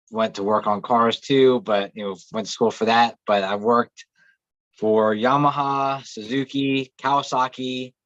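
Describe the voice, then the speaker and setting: A man speaks at an ordinary middle pitch, plain and matter-of-fact, with halting restarts. His voice comes over a video call and sounds dull and lo-fi. The recording is dry, with no room sound. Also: a bit bright, dry recording. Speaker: podcast co-host, mechanic. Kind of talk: casual chat.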